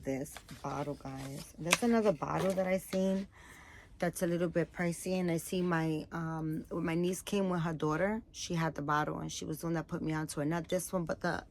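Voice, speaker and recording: A woman's voice: low-pitched, fairly even intonation, normal speed, a little hiss or hum. Tired, chatty woman rambling to camera. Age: adult, has a daughter. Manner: chatty, rambling, many fillers. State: tired, yawning. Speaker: vlogger showing baby doll items. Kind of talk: casual chat to camera.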